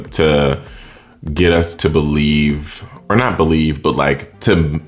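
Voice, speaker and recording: A young man with a very low, deep voice talks through a movie plot with spoilers. He is chatty and frank, swearing freely. His voice leaps high for emphasis and quotes, and faint music sits behind him. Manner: animated, jumps up in pitch for emphasis and quoted lines. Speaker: movie reviewer. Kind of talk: casual spoiler-filled movie recap.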